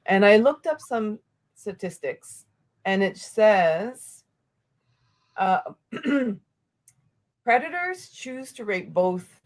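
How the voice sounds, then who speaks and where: A woman hosting a podcast interview, speaking earnestly and haltingly, with many fillers and restarts. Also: mid-range voice. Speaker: podcast host. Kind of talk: conversational interview.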